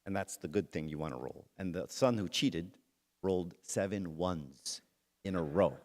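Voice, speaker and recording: A church talk from a middle-aged man who speaks conversationally and directly to the audience, centring on a personal story. He's low-pitched and expressive, with a darkish tone at normal speed.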